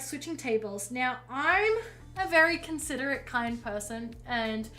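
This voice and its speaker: Bright-voiced woman streamer telling a story. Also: on the high side. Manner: chatty, swears freely, lively and animated in quoted dialogue. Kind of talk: casual storytelling while painting on stream.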